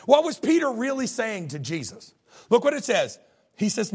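A man preaching a sermon as a pastor, folksy and animated, with joking asides. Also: very high-pitched, normal speed, husky.

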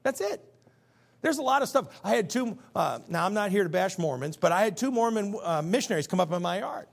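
A man preaching a sermon as pastor, folksy and emphatic, swinging from loud outbursts to hushed tones. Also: sits high, expressive, fast talker, gravelly. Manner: folksy, conversational asides to the congregation.

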